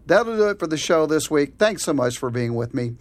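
A man from Kentucky hosting a sports history radio show, reading a measured, plain-spoken introduction. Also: fairly high pitch, lively intonation. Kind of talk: scripted radio narration.

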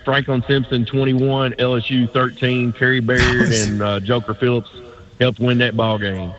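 Flat-voiced male caller on a dull line. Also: mid-range voice, normal speed, faint music behind. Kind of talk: phoned-in call to talk radio.

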